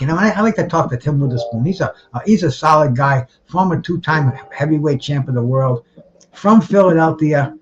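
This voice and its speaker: A man's voice: fairly high pitch, brisk. Rambling man hosting a live boxing stream. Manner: rambling, greets chat viewers by name; restarts and repeats words often. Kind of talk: casual live-stream chat. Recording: dull lo-fi sound with faint music behind.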